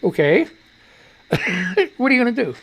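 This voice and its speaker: A man's voice: very high voice, big pitch swings, moderate pace, gravelly, fairly bright tone. A man hosting a radio show, reading news items and breaking off into crude, mocking asides. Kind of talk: casual news commentary.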